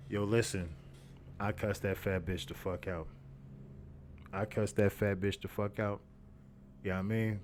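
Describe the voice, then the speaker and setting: A man's voice: low voice, steady tone, unhurried, darkish tone, slight background noise. A young man, hosting a podcast and telling a story in a profane, repetitive, streetwise way. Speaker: podcast host. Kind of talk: casual storytelling monologue.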